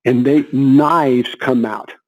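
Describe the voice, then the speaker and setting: A man in his seventies, an interview guest telling lively anecdotes with frequent laughs and repeated words. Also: medium pitch, slow, rough recording. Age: 70s. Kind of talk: conversational storytelling.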